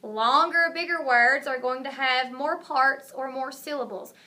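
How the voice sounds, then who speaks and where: A woman teaching a recorded lesson to kindergarten children, speaking slowly and clearly. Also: sits high, sharp tone. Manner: slow, clear, encouraging teacher talk.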